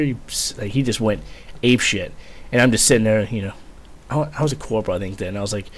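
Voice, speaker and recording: A man's voice: fairly low pitch, steady tone, fast, hardly any pauses. A young man casually telling a rambling, profane story, full of fillers and swearing. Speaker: vlogger, former Marine.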